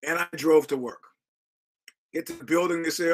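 A man's voice: fairly high pitch, fairly even intonation, normal speed, long pauses, rough recording. Wry, profane middle-aged man. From United States. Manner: digressive storytelling with many restarts and quoted voices. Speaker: podcast host. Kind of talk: casual rambling monologue.

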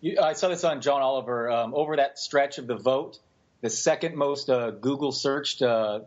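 A man's voice: mid-range voice, normal speed. A man co-hosting a podcast in casual chat, hesitant and full of filler sounds. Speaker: podcast co-host. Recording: dull lo-fi sound.

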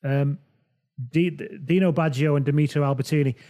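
Mellow-voiced man chatting about football. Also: a little high, moderate pace. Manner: relaxed, rambling, self-correcting. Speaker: podcast host. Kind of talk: casual football chat.

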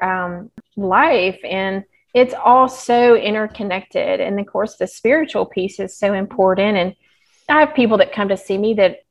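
A woman talks in a casual, open chat with a lively storytelling way of speaking. Her voice comes through a slightly dull, muffled line. Her pitch sits in the middle range for a woman. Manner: open, animated storytelling with laughs. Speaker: podcast guest, health practitioner.

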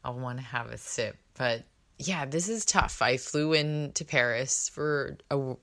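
A woman's voice: extremely low pitch, measured pace, a bit bright. A woman hosting a podcast in casual chat, bubbly and rambling, laughing often, recorded indoors. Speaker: podcast host. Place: indoors in London.

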